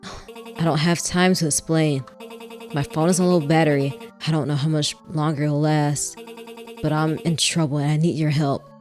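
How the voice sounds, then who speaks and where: A woman's voice: sits low, level tone, moderate pace, a little mellow, soft background music, close to an everyday voice. A woman voicing a frightened young woman who is out of breath and pleading urgently for help.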